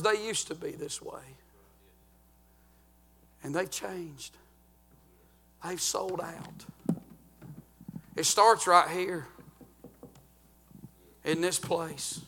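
A man preaching a sermon as pastor, swinging from sung, shouted climaxes down to low, hushed warnings. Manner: fervent preaching, rising to chanted shouts then dropping low.

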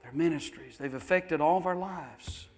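A pastor preaching with folksy fervor, his voice sitting a bit high for a man. He tells stories and circles back over his own phrases. Soft music plays faintly beneath him. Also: normal speed. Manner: folksy, fervent storytelling with repeated phrases. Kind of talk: sermon.

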